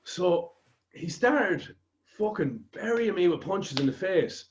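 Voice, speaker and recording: An Irish man with a fairly high voice tells a long anecdote on a podcast, peppering it with swear words. The sound is a bit dull and lo-fi. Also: animated, slow, slight background noise. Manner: swears freely, rambling anecdotes. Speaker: podcast host. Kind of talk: casual podcast chat, storytelling.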